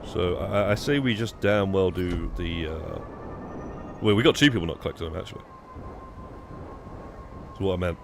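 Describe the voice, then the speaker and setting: A man's voice: low voice, normal speed, gravelly, pauses often, music in the background. A young British man streaming a game, chatting casually and rambling with restarts and swearing. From United Kingdom. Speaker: live streamer. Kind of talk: casual gaming stream chat.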